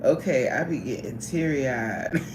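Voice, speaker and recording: A woman hosting a casual livestream, chatting with viewers in a sassy, animated way and laughing often. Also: sits low, reverberant, background noise. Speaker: livestream host reading chat.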